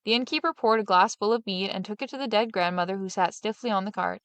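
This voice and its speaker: A woman reads a fairy tale aloud with steady, expressive narration. Her voice sits in the middle range. The sound is dry and close. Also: mid-range voice, quick pace, dry recording. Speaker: storyteller.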